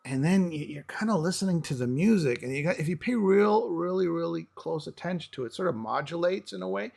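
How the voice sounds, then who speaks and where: A man with a somewhat high speaking voice eagerly walks through a song's music in casual review chat. He explains things step by step and stumbles over his words now and then. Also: expressive, fairly quick, vocal fry, darkish tone. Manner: enthusiastic, explains the music, stammers at times. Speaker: co-host of a metal music show.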